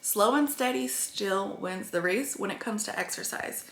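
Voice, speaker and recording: A woman's voice: medium pitch, normal speed, vocal fry, fairly bright tone, echoey room. A woman talking earnestly to her viewers in a rambling vlog about her weight-loss progress. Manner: earnest, rambling, tearful at times. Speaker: vlogger.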